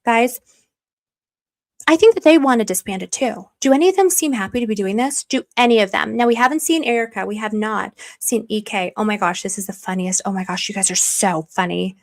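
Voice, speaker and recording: A woman's voice: medium pitch, fairly quick. A woman giving heated casual livestream commentary, repeating rhetorical questions and reading viewers' chat aloud. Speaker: political commentary streamer.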